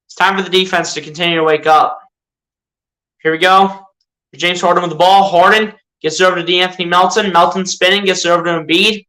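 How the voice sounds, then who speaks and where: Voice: medium pitch, fairly even intonation, fairly quick, sharp tone, rough recording. A fan doing live play-by-play of a basketball game, exasperated, firing rhetorical questions at the team and often correcting or repeating themselves. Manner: chatty, self-correcting, repeats itself.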